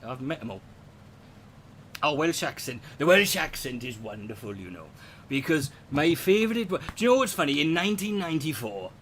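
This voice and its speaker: A man's voice: mid-range voice, a bit bright, a little hiss or hum. A man performing a stand-up comedy routine, rambling and profane, slipping into impressions.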